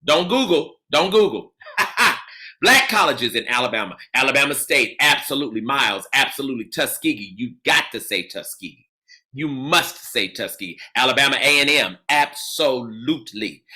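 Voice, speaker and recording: An exuberant man leads a lively call-and-response lesson. He has a very bright, forceful tone and keeps cheering the answers on with repeated praise. His pitch sits in an ordinary middle range. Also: moderate pace. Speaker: speaker leading an audience call-and-response. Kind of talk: energetic call-and-response lecture.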